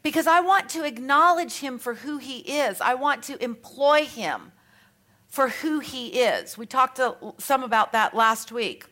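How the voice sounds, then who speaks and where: This Bible teacher has a high, expressive voice with a sharp tone and an Australian accent, moving at a measured pace. She reads scripture aloud between her chatty, conversational remarks, adding light self-mocking asides.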